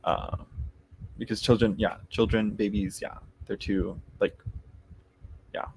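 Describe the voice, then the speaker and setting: A man's voice: fairly low pitch, fairly even intonation, unhurried, a little hiss or hum. A man hosting a casual live tarot chat, rambling with many restarts and laughing easily as he talks to viewers.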